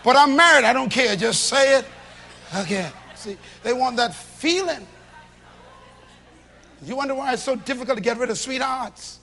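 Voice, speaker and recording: High-voiced animated male preacher. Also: normal speed, creaky, pauses often. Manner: animated, swings between shouts and low confiding tones; acts out little dialogues in different voices. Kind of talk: sermon to a live congregation. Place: church hall with a congregation.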